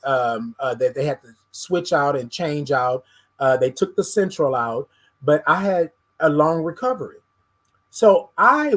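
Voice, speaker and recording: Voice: mid-range voice, husky. A show host giving a candid personal monologue, speaking straight to the audience as y'all and often stuttering over repeated words.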